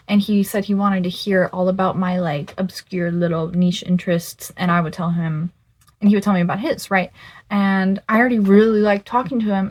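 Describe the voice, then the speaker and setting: A young woman in her twenties, mid-pitched, recounting a disastrous date to her viewers. She stretches words for emphasis and swears when something floors her, talking in a loose, animated vlog style. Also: moderate pace. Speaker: vlogger. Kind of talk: casual storytelling.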